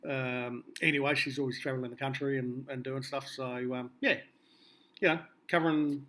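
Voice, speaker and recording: A man's voice: mid-range voice, fairly even intonation, normal speed, pushed and bright. An Australian man being interviewed, telling rambling anecdotes with a laugh. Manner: rambling, laughing storyteller with many fillers. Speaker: musician guest.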